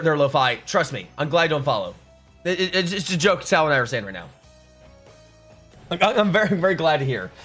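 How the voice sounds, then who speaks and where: Faint music runs beneath a young man's live stream as he chats casually with viewers and reads out their comments. His voice is fairly high and a bit bright, and he makes sarcastic jokes and often starts his sentences over.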